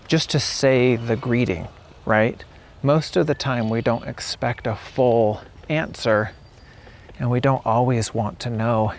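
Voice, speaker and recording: A man teaching English outdoors while on a walk, speaking in an unhurried way and repeating example phrases to show how they sound. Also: mid-range voice. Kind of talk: casual spoken lesson.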